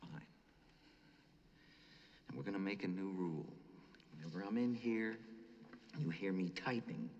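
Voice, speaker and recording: A man doing an impression of a seething male writer who coldly lectures his wife and then shouts at her. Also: deep voice, a little slow, long pauses, long reverb tail, highs cut off, slight background noise. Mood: menacing. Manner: cold, menacing lecture rising to shouts. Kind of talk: impression of a film scene.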